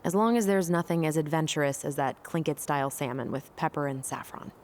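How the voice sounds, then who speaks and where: A woman's voice: low voice, a little fast, lightly acted. An actress playing a weary young woman in a video game, speaking in a dry, sardonic way. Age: young adult. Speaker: game character.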